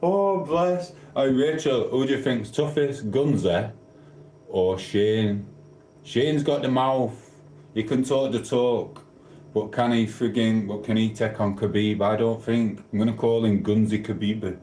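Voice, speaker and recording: A man's voice: fairly low pitch, unhurried, dark tone, a little hiss or hum. A man with a South Yorkshire accent, chatting casually on a live stream, rambling and cheekily bantering with viewers' comments. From South Yorkshire, England. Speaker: livestreamer. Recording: echoey room.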